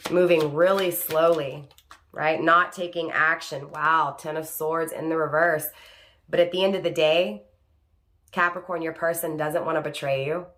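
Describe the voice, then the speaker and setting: A woman's voice: low voice, steady tone, normal speed, fairly bright tone. A woman giving an online tarot reading, speaking to the viewer by star sign and tagging "right?" onto her points as she restates them. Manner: repeats "right?" and rephrases each point. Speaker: tarot reader.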